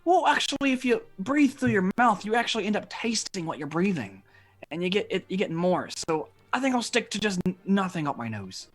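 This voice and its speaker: Animated tabletop game player. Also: mid-range voice, fairly quick, faint music behind. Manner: animated and rambling. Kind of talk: casual tabletop game chat.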